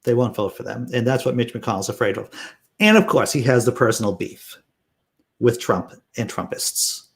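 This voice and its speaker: A man's voice: medium pitch, moderate pace, creaky. A man hosting a casual political commentary stream, reading news aloud with sarcastic asides and answering chat. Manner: sarcastic, animated, laughs while reading.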